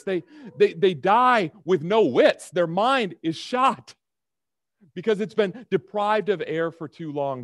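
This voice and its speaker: A male preacher delivers a sermon in a loose, conversational way, often stumbling over repeated words and asking the congregation if they follow. His voice sits a little high for a man. The sound is close and dry, with no room around it. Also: dry recording. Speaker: pastor.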